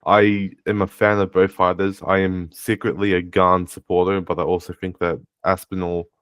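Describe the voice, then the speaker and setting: A man with a deep voice talks in a casual podcast chat, with a delivery he calls monotone himself. He restarts phrases, stumbles over words and drops the odd swear word. The sound is close and dry. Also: moderate pace, clear, resonant tone, no room sound. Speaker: podcast co-host.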